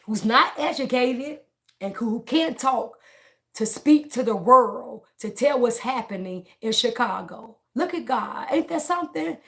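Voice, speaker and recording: A woman's voice: high-pitched, pushed and bright. A woman livestreaming a casual, preaching monologue, speaking emphatically, repeating her phrases and talking straight to her viewers. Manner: laughs between lines.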